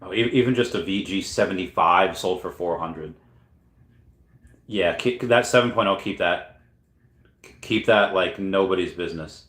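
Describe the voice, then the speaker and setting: A man's voice: low-pitched, normal speed, long pauses, fairly bright tone. Rambling man on an echoey stream. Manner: rambling, self-correcting, thinking aloud. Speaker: channel host answering chat questions. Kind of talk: casual livestream chat. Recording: roomy echo.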